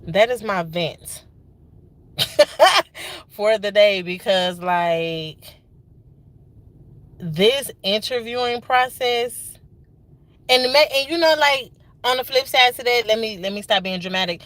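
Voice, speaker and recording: A woman's voice: medium pitch, lively intonation, takes it slowly, long pauses, fairly bright tone, dry recording. A woman in her thirties with a Georgia accent, venting casually on a livestream and repeating lines for emphasis with folksy Southern slang. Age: 30s.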